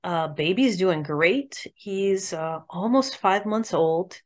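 A woman's voice: on the low side, lively intonation, slow pace, darkish tone. A young adult woman, a party chair, chatting upbeat and casually as a podcast guest, with many fillers.

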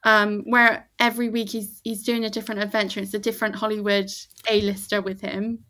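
A woman's voice: medium pitch, level tone, fairly quick, bright, forceful tone. A woman co-hosting a casual chat about a movie, talking freely, laughing often and trailing off mid-sentence. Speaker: podcast co-host.

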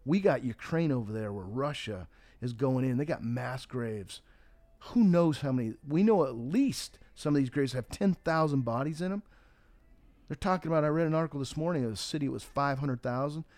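A man's voice: medium pitch, animated, moderate pace, no room sound. Folksy, emphatic man telling stories. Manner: folksy storyteller, emphatic, forceful when riled. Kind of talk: casual political talk and joke-telling.

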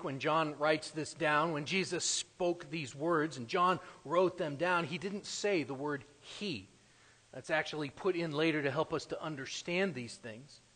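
A male preacher with a somewhat raised voice delivers a sermon in a big, echoing space. His delivery is emphatic, climbing to loud declarations and then dropping to hushed asides. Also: a little high, slightly rough.

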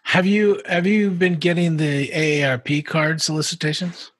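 A man's voice: a little high, fairly even intonation, normal speed. A man hosting a casual interview with laid-back reactions. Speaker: host.

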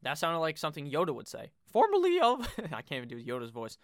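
Brash young man, bright crisp voice. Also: medium pitch, fast, dry recording, clean studio sound. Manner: joking, profane, loose asides. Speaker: fantasy football host. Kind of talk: casual ranking commentary.

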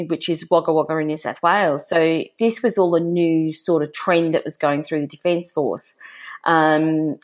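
Middle-aged aussie woman yarning away in an interview, lots of ums and restarts. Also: deep voice. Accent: Australian. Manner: chatty with frequent fillers and restarts. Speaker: interview guest. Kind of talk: storytelling in casual conversation.

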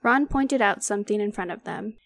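A woman's voice: mid-range voice, brisk, vocal fry, fairly bright tone. A woman co-hosting a casual book podcast, reading a novel aloud with small slips and asides.

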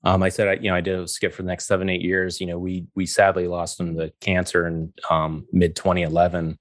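A middle-aged man telling a story in a casual, animated way, acting out the dialogue and laughing often. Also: sits low, a little fast, no echo, clean studio sound. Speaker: guest.

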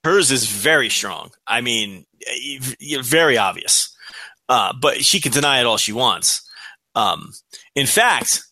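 A man's voice: medium pitch, expressive, unhurried, pushed and bright, dry recording. A man co-hosting a podcast in a casual chat, teasing his partner with dry, wry humor. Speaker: podcast co-host.

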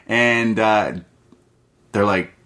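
A man's voice: fairly low pitch, extremely slow, a bit bright. A man co-hosting a movie podcast, recapping a film in a rambling, profane, casual way full of fillers.

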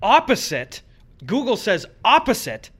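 A young man with a slightly high voice co-hosts a podcast in a loose, joking way. His pitch swings widely as he talks, and he swears casually between the jokes. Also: wildly swooping pitch, unhurried, a bit bright, husky. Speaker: podcast co-host. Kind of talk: casual chat.

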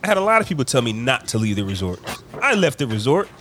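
A man spins a relaxed, animated story for his friends, acting out what people said and laughing as he goes. His voice sits mid-range, with a soft hum of ambience under the recording. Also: medium pitch, quick pace. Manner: animated, laughing storyteller who acts out quotes. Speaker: podcast co-host telling a travel story. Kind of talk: casual storytelling chat.

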